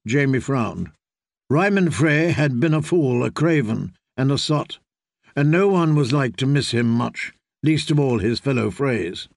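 A man narrating a fantasy audiobook in a brisk, even storytelling manner. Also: medium pitch, creaky, dry recording, studio quality.

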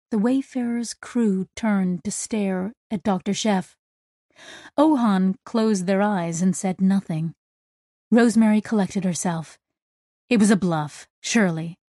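A woman narrating a science fiction story in a steady, clear reading voice. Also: medium pitch, dry recording, clean studio sound. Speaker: audiobook narrator. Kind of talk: scripted narration.

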